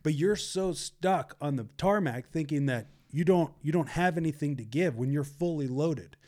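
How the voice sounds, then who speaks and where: A man's voice: fairly high pitch, moderate pace, a little mellow. A man telling a story in casual chat, acting out the people he quotes.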